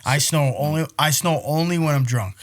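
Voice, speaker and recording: A man hosting a podcast in casual chat, animated and profane, laughing often. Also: a little high, normal speed. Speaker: podcast host.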